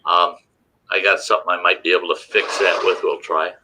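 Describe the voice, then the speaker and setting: A man hosting a casual live stream, his voice bright and fairly low. He talks in halting starts as he sorts out his gear. He is picked up by a camera's built-in mic. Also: little pitch movement, slight background noise, poor audio. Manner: halting, troubleshooting aloud. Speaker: show host.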